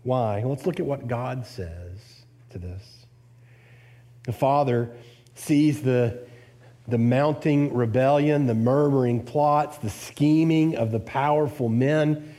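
A man preaching an expository sermon, asking the listeners rhetorical questions and rising in pitch on his points of emphasis. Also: slow pace, warm tone.

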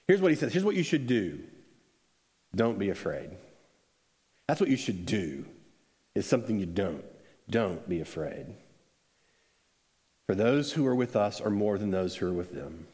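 A man preaching a sermon in a conversational, animated storytelling way, acting out quotes. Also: lowish voice, a little slow, long pauses. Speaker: pastor. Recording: echoey hall with long reverb.

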